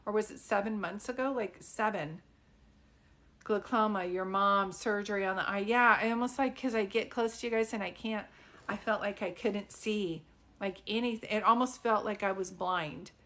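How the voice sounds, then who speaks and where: A woman's voice: medium pitch, moderate pace, sharp tone. A middle-aged woman, a psychic medium, giving a chatty live-stream reading, full of fillers, questions and laughs.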